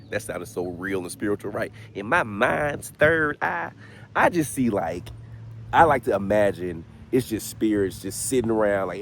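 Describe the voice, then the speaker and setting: Male vlogger, relaxed and chatty, lowish voice, outdoors with faint street sound. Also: slight background noise. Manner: laid-back, chatty, laughs often. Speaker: paranormal vlogger. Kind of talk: casual spoken vlog. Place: outdoors in a city cemetery.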